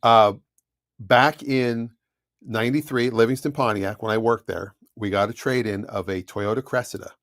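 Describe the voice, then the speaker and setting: A man's voice: lowish voice, steady tone, normal speed, fairly bright tone, no echo, clean studio sound. A middle-aged man co-hosting a casual car talk stream, telling joking sales stories. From Southern California. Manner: storytelling, joking salesman banter. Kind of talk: casual chat.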